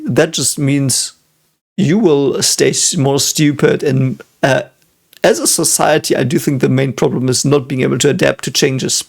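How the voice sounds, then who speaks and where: A man's voice: mid-range voice, vocal fry, a little mellow. A man, a physicist, giving casual reaction commentary and analysing things reflectively as he thinks aloud. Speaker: physicist reacting to an anime episode.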